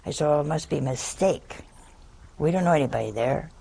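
An older woman telling a personal story in a slow, wry, deliberate way. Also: low-pitched, vocal fry, warm tone, husky.

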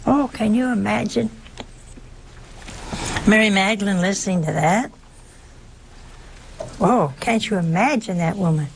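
An older woman delivers a sermon in an unhurried, gravelly voice. She talks to her listeners directly, leaning on rhetorical questions for emphasis. A faint hiss sits under the recording. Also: medium pitch. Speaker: preacher.

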